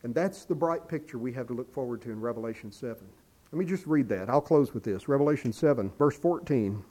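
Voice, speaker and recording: A man preaching a sermon, earnest and pleading, who rises to emphatic appeals and drops low to quote scripture. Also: expressive, fairly quick. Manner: quotes scripture in a quiet lowered voice.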